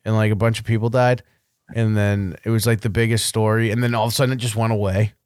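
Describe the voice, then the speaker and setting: A man's voice: lowish voice, level tone, fast talker, a little mellow, clean tone, no echo, clean studio sound. A man co-hosting a casual podcast, loose and laughing, swearing freely and trailing off. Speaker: podcast co-host. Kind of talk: casual chat.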